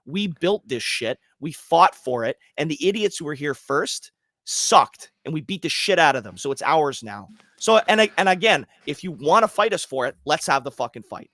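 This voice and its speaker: A man from Canada co-hosting a livestream podcast, ranting forcefully and swearing freely. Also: a little high, sing-song, moderate pace, no echo, studio quality. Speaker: podcast co-host. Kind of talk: heated livestream podcast talk.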